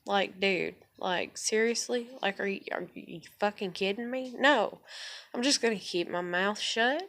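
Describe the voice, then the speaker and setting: A woman's voice: medium pitch, a little slow, fairly bright tone. Woman vlogger, casual on-camera rant; blunt, swears freely, hammers her points home. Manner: blunt, profane, emphatic venting.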